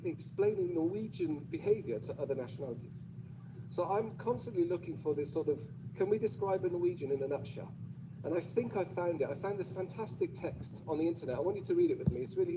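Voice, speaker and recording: Man with a British accent, public speaker, playful and audience-teasing; slightly high voice, noisy playback. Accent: British English. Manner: chatty, playful, asks the audience questions. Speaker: conference speaker.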